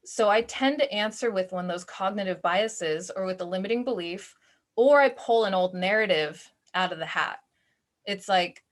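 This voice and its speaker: A woman leads an online self-awareness class in a relaxed, conversational way. She uses casual fillers and slips into short acted-out snippets of her inner voice. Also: mid-range voice, normal speed.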